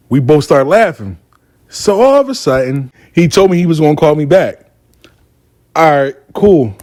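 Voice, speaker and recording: A man's voice: a little high, big pitch swings, unhurried, darkish tone, no room sound, studio quality. A man telling a casual story, acting out both sides of a dialogue. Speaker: storyteller host.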